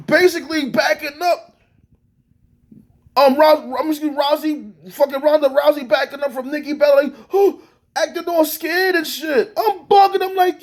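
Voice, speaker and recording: A man with a high, light voice rants about a wrestling match, swearing freely and sounding exasperated. He talks in a loose, animated way and often stops to restart his sentences. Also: moderate pace. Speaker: wrestling reviewer. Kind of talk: profane ranting review.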